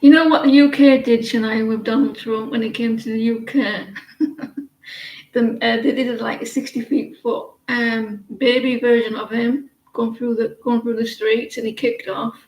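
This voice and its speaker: A British woman does tarot readings on a live stream, chatting in a rambling, gossipy manner with lots of hesitations. Her voice is a little high and a little mellow, with fairly even intonation and moderate pace, and the audio is poor and roomy.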